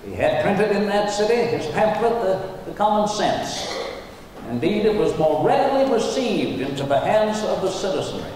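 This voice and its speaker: A man's voice: high-pitched, very animated, normal speed, darkish tone, a little hiss or hum. A man interpreting a historical statesman on stage, speaking in a genteel, ornate period style, recorded in a large auditorium. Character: Thomas Jefferson, courtly learned statesman. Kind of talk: first-person historical portrayal. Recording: echoey hall from far off.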